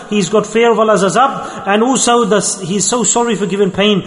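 Man, high voice, impassioned sermon, soft hushed asides, long hall reverb. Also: steady tone, fairly quick, hardly any pauses. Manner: impassioned, rising to anguished pleas and dropping to soft hushed asides. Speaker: preacher. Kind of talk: emotional sermon storytelling.

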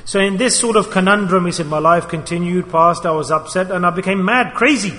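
High-voiced male preacher in a reverberant hall. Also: brisk. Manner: lively storyteller addressing brothers, acting out quotes. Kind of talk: sermon with storytelling.

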